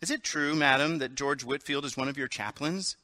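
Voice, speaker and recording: A man's voice: medium pitch, a little fast, bright, forceful tone, no echo, close to an everyday voice. A man reading aloud as a tired, humble poor villager who speaks earnestly and pleads for help. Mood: grateful.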